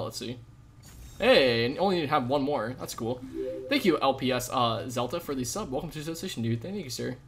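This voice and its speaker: A young man live-streaming a game, chatting with viewers in a jokey, rambling way with sudden loud outbursts. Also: medium pitch. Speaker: gaming streamer. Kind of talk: live gameplay commentary with chat.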